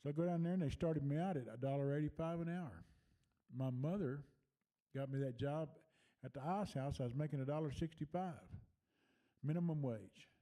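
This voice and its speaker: A man's voice: fairly high pitch, normal speed, dark tone. An older man, telling a personal memory in a folksy, rambling way with plenty of fillers. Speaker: storyteller sharing memories. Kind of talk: casual personal storytelling.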